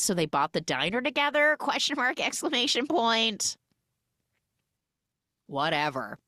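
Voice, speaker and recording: A woman hosts a podcast and recaps a film with biting sarcasm. Her voice sits a little low but leaps up and down with animated swings. The sound is dry and close, with no room around it. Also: no echo. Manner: sarcastic, animated, mimics characters in exaggerated voices. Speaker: podcast host.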